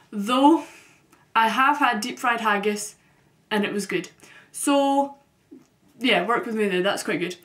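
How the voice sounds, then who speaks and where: A woman with a mild Scottish accent talks to camera in a casual vlog. She is from Glasgow and keeps it upbeat and chatty. Her speech is full of ums, and her voice sits at an ordinary pitch. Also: fairly bright tone. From Scotland, Glasgow. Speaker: vlogger. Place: her bedroom at home.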